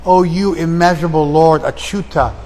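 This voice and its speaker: A man giving a spiritual lecture. He recites verses slowly and then explains them in plain, conversational talk. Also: fairly high pitch, darkish tone, in a large hall, slight background noise, low-quality recording. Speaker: lecturer on scripture. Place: outdoor festival.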